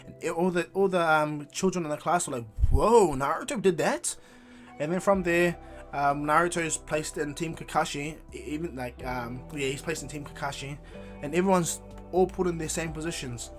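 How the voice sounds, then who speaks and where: A man's voice: on the high side, brisk, faint music behind. A man casually retelling a fan story, rambling with restarts.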